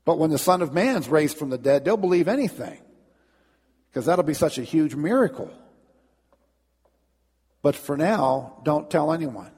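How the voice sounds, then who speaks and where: A preacher acting out an earnest teacher giving an emphatic warning in a raised, husky voice. The words trail off in a long hall reverb. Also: male voice, a little high, lively intonation, measured pace, pauses often, a little mellow.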